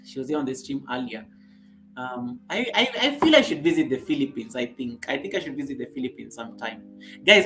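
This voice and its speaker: A woman's voice: lowish voice, a bit bright. Chatty Kenyan woman hosting a live stream. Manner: chatty, laughs often, repeats phrases. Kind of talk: casual live stream chat, reading viewer comments.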